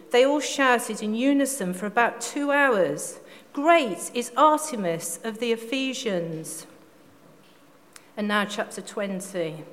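A woman reading scripture aloud in a steady, measured way, now and then stumbling and restarting a word. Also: fairly high pitch. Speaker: scripture reader. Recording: long reverb, faint background noise.

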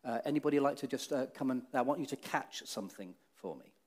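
A man preaching a children's talk in church, telling the story with many restarts and swinging between dramatic rises and hushed, solemn drops. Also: medium pitch, fast talker.

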